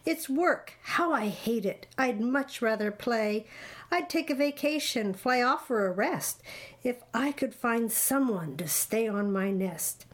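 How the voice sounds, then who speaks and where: A woman's voice: a little high, lively intonation, measured pace. A woman voicing a lazy female bird who sweet-talks and wheedles in a read-aloud storybook. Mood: whiny.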